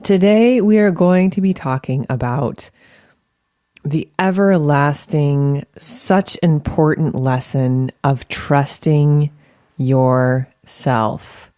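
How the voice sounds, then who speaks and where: A woman hosting a podcast in a casual chat, animated and playful, with frequent swearing. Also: low-pitched, drawn-out words, dry recording, clean studio sound. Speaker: podcast host.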